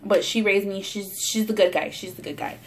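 A woman's voice: medium pitch, fairly even intonation, fairly quick. A young woman with a Los Angeles Chicano English accent, telling a story in casual, profane chat as she eats on camera at home. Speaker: mukbang vlogger. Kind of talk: casual storytelling while eating. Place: home, near a window at sunset.

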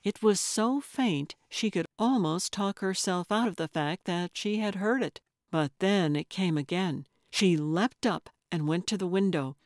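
A woman narrating a cozy mystery audiobook in a measured storytelling manner. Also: fairly low pitch, a little mellow, no room sound, studio quality. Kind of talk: scripted narration.

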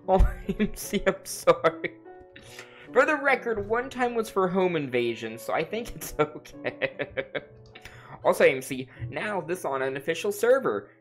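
Woman, streamer, deep voice, playful, teasing, laughs a lot, swoops up and down. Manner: playful, laughs often, teases chat. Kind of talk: casual live gameplay commentary.

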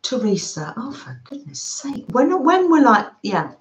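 A British woman hosting a live craft stream, warmly welcoming viewers by name and chatting as she works. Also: high voice, very animated, measured pace, roomy sound, low-quality recording. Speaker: craft livestream host.

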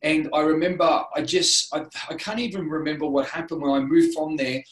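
A man's voice: on the high side, steady tone, fairly quick. Earnest Australian man, roomy echo. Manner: earnest, rambling, many restarts and "you know". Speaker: interview guest. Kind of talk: candid personal storytelling.

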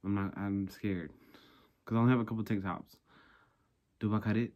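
A man's voice: lowish voice, fairly even intonation, brisk, darkish tone. A young man vlogging in a sassy, rambling casual chat, talking himself through a craft project. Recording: noisy background hiss.

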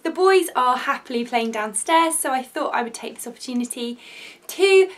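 A high-pitched young woman in her twenties rambles through a vlog story time. She talks in a chatty, excitable way, with plenty of fillers and restarts. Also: normal speed. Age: 20s. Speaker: vlogger.

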